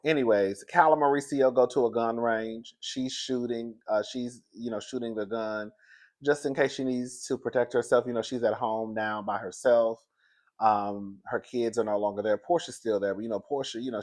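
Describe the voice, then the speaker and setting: A man in a casual, gossipy chat recapping a reality show, animated and laughing often, speaking. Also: fairly low pitch. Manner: chatty, gossipy and animated, laughs often, says "girl" a lot.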